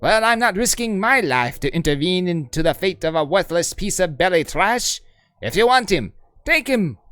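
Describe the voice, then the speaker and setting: A blustering male overseer, raised and loud, snapping out orders and accusations, as a man puts him on. The pitch climbs high and swings widely, and the voice sounds dry and close. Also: sing-song, normal speed, clean tone, no echo. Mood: angry. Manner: shouting, accusing. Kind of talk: dramatic reading of game dialogue.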